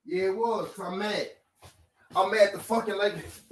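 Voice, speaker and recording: A man's voice: sits high, moderate pace. A man from Memphis, hosting casual sports talk in a profane, argumentative, repetitive way. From Memphis, Tennessee.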